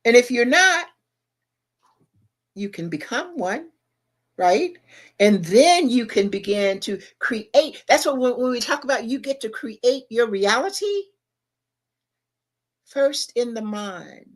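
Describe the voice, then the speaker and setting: A woman's voice: fairly high pitch, sing-song, slow, pauses often. A middle-aged woman co-hosting a late-night talk stream, speaking emphatically about spirituality and asking rhetorical questions. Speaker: podcast co-host. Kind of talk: casual livestream talk.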